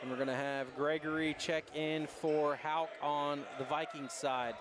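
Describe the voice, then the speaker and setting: A man calling live basketball play by play, rattling off each pass and shot from a high school gymnasium. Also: little pitch movement, background noise. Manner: rapid running calls of each pass. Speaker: play-by-play announcer. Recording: gym ambience and bouncing balls.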